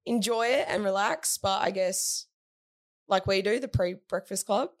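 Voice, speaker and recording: A woman's voice: mid-range voice, unhurried. A woman, a team captain, chatting casually in an interview in an upbeat way, with plenty of "like" and "yeah" fillers.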